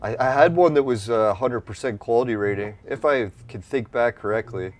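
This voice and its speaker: Man, mid-pitched, casual game commentary, rambling, profane, stuffy nose. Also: moderate pace. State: runny nose from allergies. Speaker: gameplay streamer.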